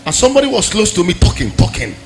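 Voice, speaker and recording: A man preaching a sermon, telling personal stories that swing from quiet asides to shouted exhortation. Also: high-pitched, huge pitch swings, fast talker, soft background music. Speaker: pastor.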